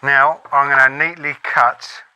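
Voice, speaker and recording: Cheeky Australian farm vlogger, bright forceful tone, explains DIY with jokes. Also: male voice, mid-range voice, level tone, a little slow, slight background noise. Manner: cheeky, joking, casual swearing. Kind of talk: jokey DIY demonstration.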